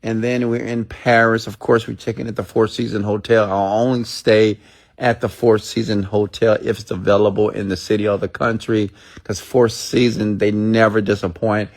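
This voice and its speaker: Preachy, emphatic lower-pitched man. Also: little pitch movement, moderate pace, darkish tone. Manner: preachy, emphatic, mimics listeners in high voices. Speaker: motivational speaker. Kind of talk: motivational monologue.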